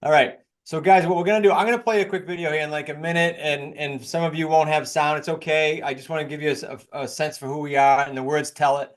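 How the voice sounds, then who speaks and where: A man, a guest talking bluntly and quickly about his work in an interview. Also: fairly high pitch, steady tone. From New England. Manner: fast, blunt, rapid-fire. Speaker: guest, real estate educator. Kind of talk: casual interview talk.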